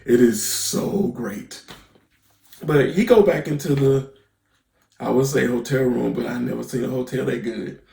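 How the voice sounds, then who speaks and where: A man with a gravelly, creaky voice walks through a TV episode in loose, conversational slang. His voice bounces around an echoey room, and he leans on fillers like "basically" and "right?" to keep the recap moving. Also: mid-range voice, a little slow, warm tone. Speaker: TV episode reviewer.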